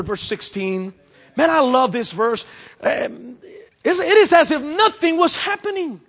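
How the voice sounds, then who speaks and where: A pastor delivers a sermon in church, his very high voice bright but creaky. He moves expressively between near-shouted drama and quiet, intimate asides, speaking a little slowly.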